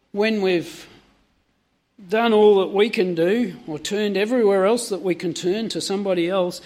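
Male preacher, higher register, sermon delivery, peppers the congregation with direct questions.

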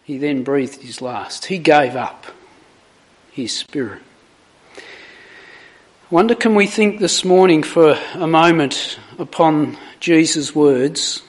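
Fairly high-pitched and animated, this preacher delivers a sermon, reading scripture in a slow, deliberate way. He dramatically stresses the quoted lines and then reflects on them.

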